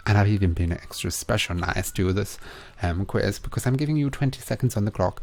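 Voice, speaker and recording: A man's voice: on the low side, expressive, darkish tone, faint music behind. Chatty young man hosting a quiz. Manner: chatty and playful, with asides between questions; reads each question twice, slow and emphatic. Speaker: quiz host. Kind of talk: live online quiz hosting.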